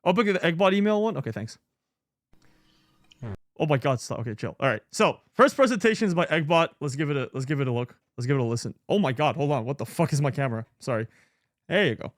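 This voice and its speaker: A male streamer with a lively, rising and falling voice and a slightly higher pitch, chatting to his viewers. He mutters to himself, backtracks and swears offhandedly. The sound is close and dry, with no room behind it. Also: fast talker, no echo. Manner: scattered, muttering, swears freely. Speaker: streamer host. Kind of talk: casual live-stream chat.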